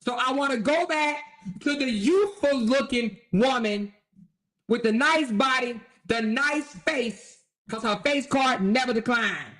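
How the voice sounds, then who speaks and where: A woman's voice: on the high side, unhurried, a bit bright. A woman host voicing a spiteful, self-pitying middle-aged ex-husband in a profane, mocking rant for satirical commentary. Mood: bitter ranting. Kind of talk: satirical commentary role-play.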